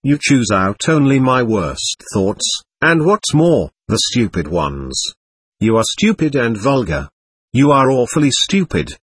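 Male narrator doing a tormented young man, husky, biting, pitch that swings widely. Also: sing-song, unhurried, no echo. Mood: exasperated. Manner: agitated, contemptuous. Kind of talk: audiobook reading.

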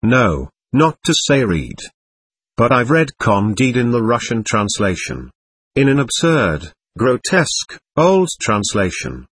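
A man reading an audiobook, voicing a proud, argumentative teenage boy who lectures earnestly and takes offence quickly. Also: mid-range voice, big pitch swings, husky, dry recording, full character voice.

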